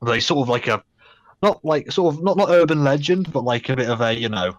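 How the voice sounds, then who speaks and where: Halting young male game master. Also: medium pitch, lively intonation, no room sound, muffled recording. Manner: hesitant, many fillers. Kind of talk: narrating a tabletop game.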